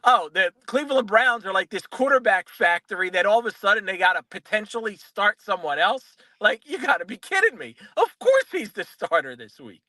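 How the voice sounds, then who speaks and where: High bright-voiced man calling in from a car. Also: a little fast, hardly any pauses, no room sound. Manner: animated, laughs often, mimics others. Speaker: NFL writer guest. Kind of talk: casual sports radio chat.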